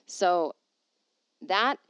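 A woman's voice: on the low side, expressive, drawn-out words, a bit bright, clean tone, no echo. A woman hosting her own podcast as a touring comedian, chatting casually and reading listener emails aloud in a rambling, self-deprecating, playful way. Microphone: podcast microphone.

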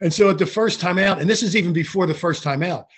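Give me an older man recounting referee anecdotes in a casual interview, animated, slightly high-pitched. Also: quick pace, husky. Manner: animated anecdotes with restarts and acted quotes. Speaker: guest, former basketball referee.

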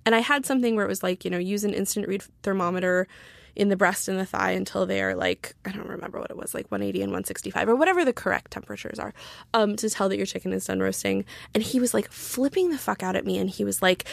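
A woman's voice: mid-range voice, fast talker, gravelly, no echo. A woman telling a story in casual podcast chat, chatty with many fillers and sarcastic asides. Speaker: guest, writer.

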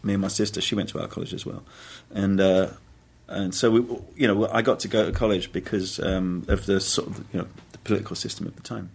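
His voice sits low, creaky and husky, with fairly even intonation, a fairly quick pace and few pauses. He's a middle-aged English actor telling stories as a guest in a casual interview, rambling, correcting himself mid-thought and laughing a lot.

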